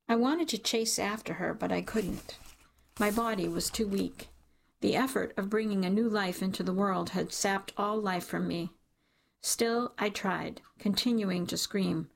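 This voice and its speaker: A woman's voice: mid-range voice, unhurried, vocal fry. A woman reading a first-person story aloud in an intimate, emotional narrating style. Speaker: audiobook narrator.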